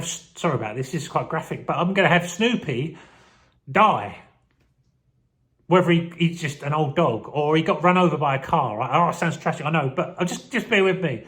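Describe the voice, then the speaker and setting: A man's voice: high voice, animated, moderate pace, a bit bright. A man in his forties reflecting on his childhood in a rambling, heartfelt vlog, getting emotional as he talks. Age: 40s. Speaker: vlogger. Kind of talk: casual personal reflection to camera.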